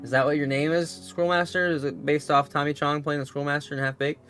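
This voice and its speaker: A man chatting on a live game stream, his voice bright and forward. He rambles through stories, swearing freely and reading out viewers' messages as he goes, over a faint wash of game music. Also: fairly high pitch, little pitch movement, fast. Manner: swears freely, rambling storytelling, reads chat aloud. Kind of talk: casual live-stream chat.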